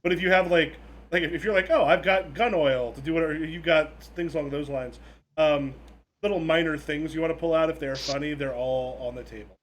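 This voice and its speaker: A man's voice: fairly high pitch, fairly even intonation, fairly quick. A man running a tabletop game as game master, giving loose, rambling explanations.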